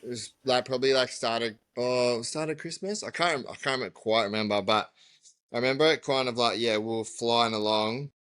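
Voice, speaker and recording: A man, a podcast guest who tells his story in a chatty, halting way with many fillers. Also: medium pitch, a bit bright, smooth, no room sound. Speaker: guest, electrician business owner. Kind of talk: casual podcast chat.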